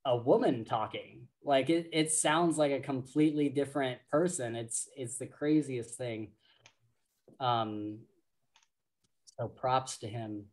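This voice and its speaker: A man co-hosts a casual book podcast at an unhurried pace. He talks in a halting, rambling way, full of fillers and restarts. His voice sits in a middle register. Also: medium pitch, darkish tone. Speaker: podcast co-host.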